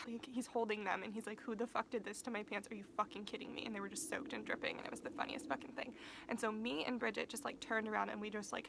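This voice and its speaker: A young woman vlogger telling a casual storytime, talking fast and swearing freely, saying "like" all the time. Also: medium pitch, vocal fry, noisy background. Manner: profane, fast-talking, uses "like" constantly.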